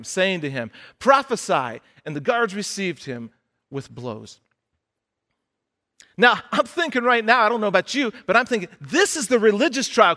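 A man's voice: sits high, bright, forceful tone. A man preaching a sermon, retelling a scripture story in a conversational way and acting out the characters' lines.

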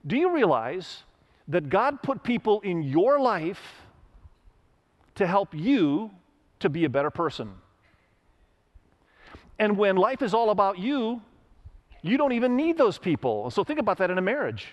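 A middle-aged male pastor preaching a sermon in a fairly high voice. He tells stories and plays the people in them, and his voice climbs whenever he drives a point home. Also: very animated, unhurried, long pauses, lo-fi sound. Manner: storytelling with acted quotes, emphatic rises.

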